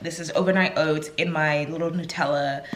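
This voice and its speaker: A woman's voice: low-pitched, fairly even intonation, moderate pace. A woman in her twenties, a law student, talking casually to her vlog viewers in a chatty way, with frequent fillers and little laughs. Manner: chatty, lots of "like" and "um", laughs often.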